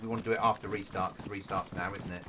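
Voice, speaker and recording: A man in casual gaming chat with a teammate, talking in a quick, dry, sarcastic way. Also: low voice, fairly even intonation. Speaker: streamer playing a survival game. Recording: noisy game stream audio.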